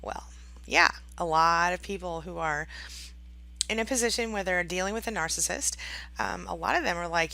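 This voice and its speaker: Chatty woman coach, bright tone with some fry, acts out quotes. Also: fairly low pitch, moderate pace. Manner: chatty, tags sentences with "right?" and "okay?"; acts out quoted voices dramatically. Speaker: online coach for abuse survivors. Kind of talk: direct-to-camera advice talk.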